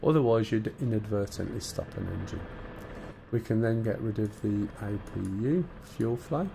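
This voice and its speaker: A lowish male voice with vocal fry speaks at a moderate pace against some background noise. The speaker, a Black Country streamer from the English Midlands, chats casually and trades banter with viewers while talking through the cockpit start-up.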